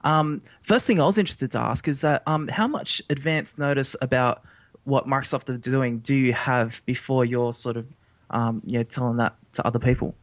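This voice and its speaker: A man co-hosting a tech podcast, asking his questions in a measured way. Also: medium pitch, no echo. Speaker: podcast co-host. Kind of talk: casual podcast interview.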